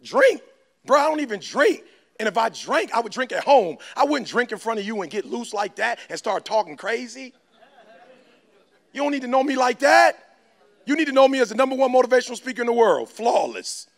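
Lively high-voiced preaching man. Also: fairly quick, vocal fry. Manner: animated and preachy, slangy street talk, lectures the crowd. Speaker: motivational speaker. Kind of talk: fiery motivational speech.

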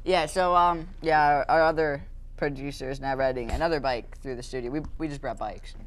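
A male host of a casual tech chat show, joking and rambling in quick bursts. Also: mid-range voice. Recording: noisy studio recording.

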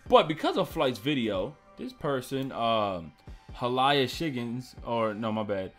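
A man's voice: mid-range voice, big pitch swings, measured pace, soft background music. A man hosting a reaction video, commenting in a loose, joking way with plenty of swearing. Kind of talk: casual commentary.

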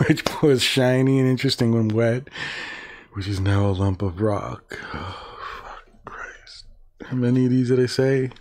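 A man hosting a casual livestream, reading words aloud and reacting with profane, sarcastic, muttered asides. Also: medium pitch. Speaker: livestream host.

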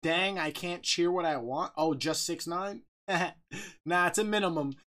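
A man streaming a game live, chatting casually, reading out viewer shout-outs, joking and laughing often. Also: on the high side, measured pace. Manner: bursts of loud excited talk.

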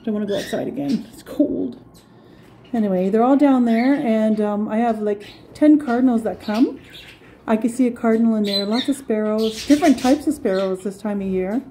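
A woman vlogging at home with her pets, chattering in sing-song baby talk and cheering them on with excited calls. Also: on the high side, normal speed, a little hiss or hum. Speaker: pet vlogger. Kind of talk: casual home vlog. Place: home with pets, partly outdoors in snow.

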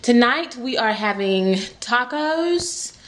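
A woman and mother of twins chatting casually in a family vlog at home, playful and quick to laugh, teasing her kids in baby talk. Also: on the high side, lively intonation, a bit bright, slight background noise.

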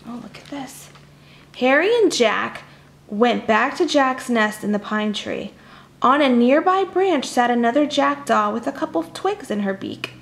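Read this like you're a young woman sharing a storybook with kids: keep your voice high, let a little gravel sit in it, and break off now and then to chat with them. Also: unhurried. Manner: animated, chatty asides to young listeners. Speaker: children's storybook reader. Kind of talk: reading a picture book aloud to kids.

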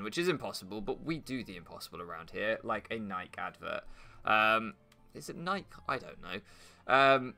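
A man's voice: medium pitch, sharp tone. A young British man playing a game and rambling through casual commentary, sarcastic, swearing and bursting into mock outrage. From Britain. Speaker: gaming YouTuber. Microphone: floor mic at first, then desk mic.

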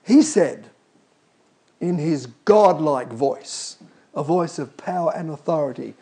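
A man's voice: a little high, lively intonation, takes it slowly, dark tone, breathy edge. A man preaching a sermon, emphatic and calling out to the congregation.

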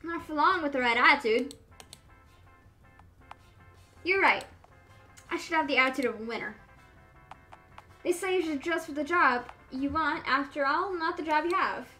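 A woman streamer reading a game's dialogue aloud, quick, animated and playful. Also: sits high, faint music behind.

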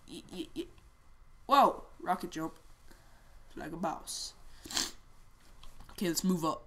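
A woman giving casual, excitable commentary while playing a shooter game, often shouting and repeating words in quick bursts. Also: lowish voice. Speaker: gamer.

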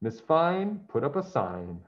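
Man storybook reader, unhurried, muffled recording. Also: medium pitch, big pitch swings. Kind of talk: children's story read-aloud. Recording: dull lo-fi sound.

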